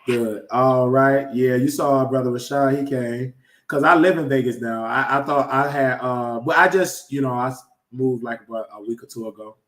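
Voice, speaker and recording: Animated man hosting in an echoey room. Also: medium pitch, normal speed. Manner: animated, playful teasing and repeated praise. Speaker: livestream show host. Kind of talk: casual live-stream chat. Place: lives in Vegas.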